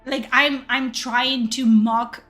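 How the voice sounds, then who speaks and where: A woman's voice: sits high, steady tone, slow pace, a bit bright, faint music behind. A woman streaming a game, chatting casually and swearing, reading chat aloud. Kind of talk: casual livestream chat while gaming.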